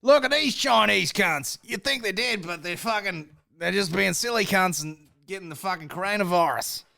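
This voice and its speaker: A man putting on a brash, swearing Australian male news narrator with a loud, slangy delivery. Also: sits high, normal speed, creaky, voice pushed up, heavily acted. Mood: jeering.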